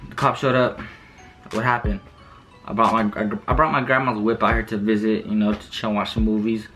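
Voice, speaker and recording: A man's voice: fairly low pitch, brisk, faint music behind. Slangy young man telling a story. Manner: animated, slangy, swears freely. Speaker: vlogger. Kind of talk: casual storytime vlog.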